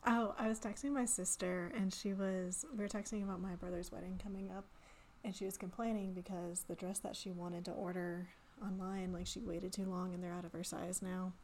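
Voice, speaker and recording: A young woman co-hosting a casual podcast chat, talking fast and loose with lots of "like" fillers. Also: fairly low pitch, level tone, a little mellow, a little hiss or hum. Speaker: podcast co-host.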